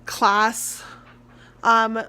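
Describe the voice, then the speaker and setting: Young American woman, theatre-student vlogger, slightly high-pitched, loose rambling rant. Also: little pitch movement, very slow, bright, forceful tone, smooth. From United States. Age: young adult. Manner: rambling, ranting, heavy on filler words. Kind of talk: casual vlog chat.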